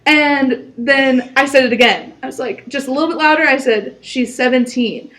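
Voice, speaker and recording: A woman's voice: high voice, moderate pace. A young woman co-hosting a casual podcast, animatedly telling a story from her job and quoting the people involved. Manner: animated storytelling with quoted dialogue. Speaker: podcast co-host. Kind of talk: casual chat.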